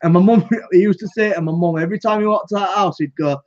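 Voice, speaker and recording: High-voiced, jokey English man. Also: quick pace, highs cut off. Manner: laughing, jokey, crude. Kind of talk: casual banter.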